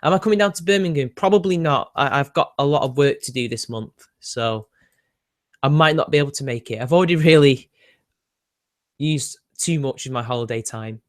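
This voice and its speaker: A man's voice: mid-range voice, brisk. Laid-back British man chatting with viewers. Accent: British English. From Britain. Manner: chatty, sardonic, laughs often, answers viewer questions. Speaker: livestream host reading chat. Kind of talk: casual livestream chat.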